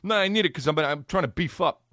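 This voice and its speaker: A man's voice: on the high side, fast, a bit bright, no echo, clean studio sound, voice pushed up, lightly acted. A man voicing a young male friend who acts like a movie mobster, with swaggering, menacing bluster. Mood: insistent. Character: brash young male mob-movie wannabe tough guy.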